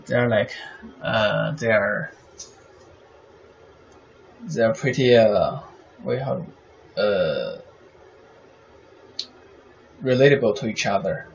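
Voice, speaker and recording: Slow, gravelly man teaching. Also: lowish voice. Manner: halting, many fillers, asks "right?" often. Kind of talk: explaining Chinese poetry meter. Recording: slightly dull sound with faint noise.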